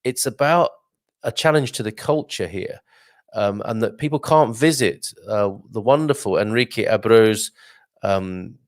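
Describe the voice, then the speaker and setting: A man's voice: lowish voice, a little slow, dry recording, studio quality. A man hosting a casual live stream, chatting and reading out viewer comments with lots of fillers and asides. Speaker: live show host.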